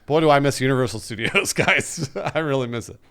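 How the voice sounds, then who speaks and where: A man hosting a podcast, chatting casually and telling bits with animated, laughing energy. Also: medium pitch, a little fast, clear, resonant tone. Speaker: podcast host. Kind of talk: casual chat.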